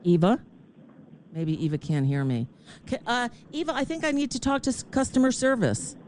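A woman's voice: on the high side, animated, moderate pace, a little mellow, slight background noise. An older woman hosting a show in casual chat, talkative and laughing often. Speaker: show host.

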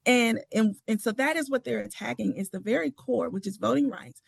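A woman's voice: a little high, brisk, vocal fry, breathy edge, no room sound. A woman who serves as a state senator, talking with passion and emphasis, often restarting her sentences. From Tennessee. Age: adult with children. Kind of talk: political interview talk.

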